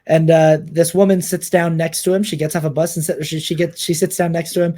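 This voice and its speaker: A young man with a high voice co-hosts a casual movie podcast. He talks in a chatty way, often restarting his sentences. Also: level tone, fairly quick, mellow. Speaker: podcast co-host. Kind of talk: casual film discussion.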